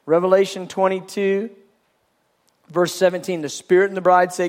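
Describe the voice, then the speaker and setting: A man's voice: sits high, fairly even intonation, normal speed. A man preaching a sermon, fervent and emphatic, often restarting his phrases as he builds a point. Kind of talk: sermon teaching.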